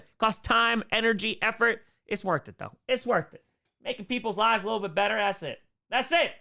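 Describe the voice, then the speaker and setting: A young man calling football play by play on a live stream, excitedly reading viewer messages and hyping up the chat. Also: high-pitched. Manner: excitable, hypes up viewers, quick shifts between calling plays and reading chat.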